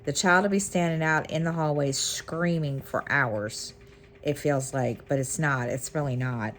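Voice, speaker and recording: Slow, low-voiced woman chatting casually. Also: a little hiss or hum. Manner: rambling, many ums and restarts. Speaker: cross-stitch vlogger. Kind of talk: casual chat to camera.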